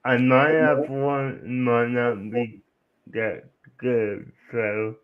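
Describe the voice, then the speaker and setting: Very slow man over a phone-like line. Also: medium pitch, little pitch movement. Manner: hesitant, halting. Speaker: caller. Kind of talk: casual joke telling.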